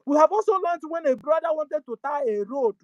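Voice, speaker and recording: Impassioned Nigerian woman, high voice. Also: lively intonation, a little fast, darkish tone, no echo, dull audio. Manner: pleading, rhetorical questions, switches into Igbo. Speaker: channel host. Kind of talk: impassioned activist commentary.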